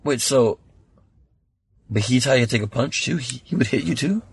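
Gravelly, raspy man on a dry mic. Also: medium pitch, lively intonation, normal speed. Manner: laid-back, short reactive comments. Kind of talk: casual podcast chat.

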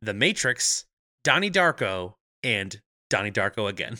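Bright, wry podcast co-host man. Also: fairly low pitch, sing-song, measured pace, no echo, clean studio sound. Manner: wry, laughs often. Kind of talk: casual chat.

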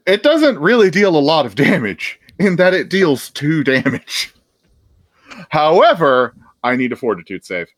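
A man's voice: a little high, big pitch swings, unhurried, no echo. A man acting as game master, narrating a tabletop game in a laid-back way and chuckling often.

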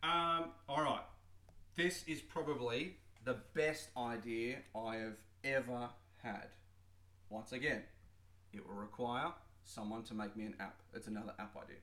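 A man co-hosting a comedy podcast, telling stories in an animated way and acting out the people he quotes. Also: mid-range voice, measured pace, roomy sound. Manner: animated storyteller, acts out quoted voices. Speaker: podcast co-host. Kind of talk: casual comedic chat.

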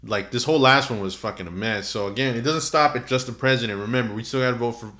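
A man's voice: medium pitch, fast, sharp tone. A sleepy man co-hosting a podcast, talking loosely and profanely with lots of fillers. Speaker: podcast co-host. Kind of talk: casual podcast chat.

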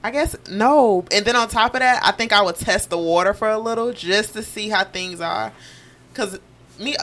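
A woman's voice: medium pitch, moderate pace, fairly bright tone. A woman guesting on a podcast, giving blunt, emphatic opinions in casual chat.

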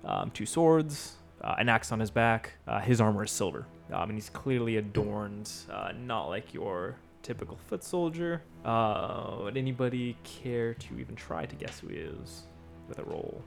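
Low-voiced man running a tabletop game. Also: lively intonation, moderate pace, creaky. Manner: casual, hesitant with many fillers. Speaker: game master. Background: background music.

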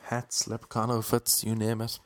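Irish comic in his thirties, Cork accent, lowish voice, deadpan monotone storytelling. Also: moderate pace, dry recording. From Ireland. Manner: self-described monotone, wry and self-mocking. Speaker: comedian and DJ. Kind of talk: storytelling monologue.

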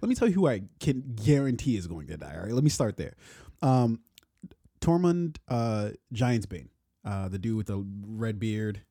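A man's voice: lowish voice, very animated, normal speed, dark tone, no room sound, studio quality. A man co-hosting a podcast in a loose, casual chat, swearing freely and laughing often. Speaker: podcast co-host.

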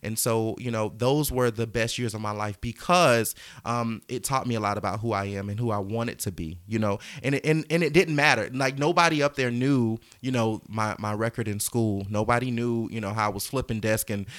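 A man in his thirties from the American South telling stories from his past as an interview guest, animated, acting out voices and laughing often. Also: lowish voice, moderate pace, few pauses. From Georgia, US. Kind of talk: storytelling in casual conversation.

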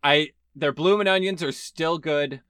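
Bright-voiced young man, chatty co-host. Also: on the high side, unhurried, clear, resonant tone, no echo, studio quality. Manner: opinionated, rambling with restarts. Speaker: podcast co-host. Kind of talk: casual chat.

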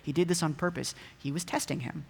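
A man's voice: a little high, fairly even intonation, fast, gravelly, slightly rough. A man preaching a casual, conversational sermon, often asking his listeners rhetorical questions. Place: church hall. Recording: echoey hall with long reverb.

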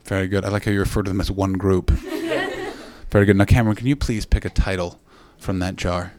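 A man's voice: low voice, very animated, fairly quick, darkish tone. A man from Canada doing stand-up crowd work, brash and teasing, swearing freely, on a handheld mic. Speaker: stand-up comedian. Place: comedy club stage.

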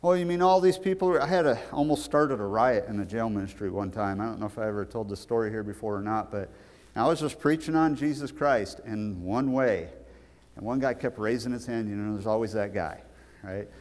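A man's voice: lowish voice, brisk. Emphatic male preacher in echoing hall. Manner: emphatic, storytelling, rising to loud peaks. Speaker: pastor. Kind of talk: sermon. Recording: long hall reverb.

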